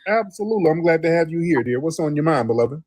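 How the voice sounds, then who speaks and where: Male live-show host, husky tone, animated and emphatic delivery. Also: on the high side. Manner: animated, loose and emphatic, drawn-out affirmations. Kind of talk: casual live call-in talk.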